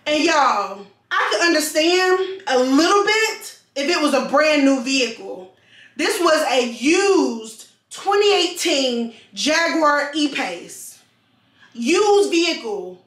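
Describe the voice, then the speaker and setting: Animated high-voiced woman telling a story. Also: slow, recorded from a distance. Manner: animated, repeats phrases for emphasis. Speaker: vlogger. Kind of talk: storytime vlog. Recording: roomy sound, mic set back.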